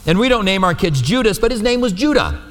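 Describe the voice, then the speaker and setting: High-voiced male pastor in a reverberant hall. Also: big pitch swings, fast, fairly bright tone. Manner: conversational, asks the room for agreement. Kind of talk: sermon teaching.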